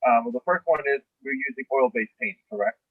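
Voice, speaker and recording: A man with a raspy voice asking hesitant questions in a group chat, heard over a phone line. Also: high-pitched, sing-song, fast, no room sound.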